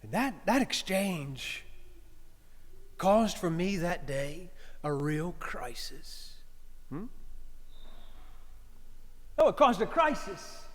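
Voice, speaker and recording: A man's voice: high voice, very animated, drawn-out words, long pauses. A male priest telling a story in a sermon in a conversational way, often checking in with the congregation. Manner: conversational, asks the congregation "huh?". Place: church sanctuary. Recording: long church reverb.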